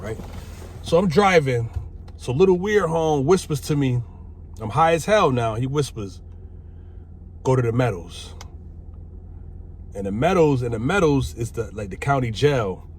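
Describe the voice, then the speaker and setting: A middle-aged man casually telling a personal story, animated and profane. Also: mid-range voice. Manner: animated, profane, acts out quoted voices. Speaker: vlogger telling his life story. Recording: faint background noise.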